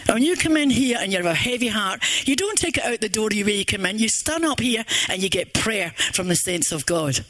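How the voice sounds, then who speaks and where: A woman's voice: medium pitch, animated, brisk, hardly any pauses, fairly bright tone, dry recording. An older woman with a Scottish accent giving an earnest, rambling church testimony with many restarts. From Scotland.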